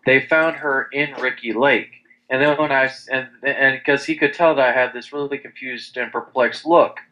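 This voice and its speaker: A man's voice: mid-range voice, fairly even intonation, moderate pace, bright, forceful tone, muffled recording. A young man in casual chat, telling rambling stories with lots of restarts and crude language. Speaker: podcast co-host.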